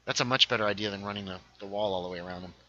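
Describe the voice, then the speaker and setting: A man's voice: fairly low pitch, very fast, sharp tone, muffled recording. A man hosting a casual gaming livestream, thinking aloud as he builds and reading viewer chat aloud. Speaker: livestream host.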